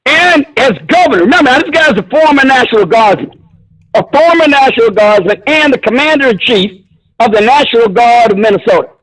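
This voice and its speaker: Guy with a really high voice calling in, blunt, swears a lot, picks fights. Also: animated, fairly quick, fairly bright tone, rough recording. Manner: combative, profane, blunt. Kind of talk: heated call-in argument.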